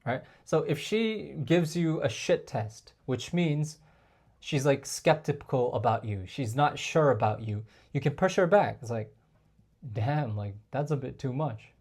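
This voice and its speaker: A man's voice: on the high side, animated, measured pace, darkish tone, husky. Chatty man giving dating advice. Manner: chatty, addresses viewers as guys, frequent fillers. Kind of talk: casual advice talk to camera.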